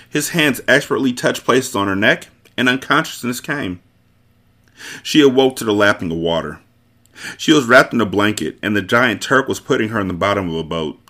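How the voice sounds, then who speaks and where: A man hosting a podcast, reading a novel aloud with expressive, theatrical storytelling. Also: lowish voice, normal speed. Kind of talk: dramatic read-aloud narration.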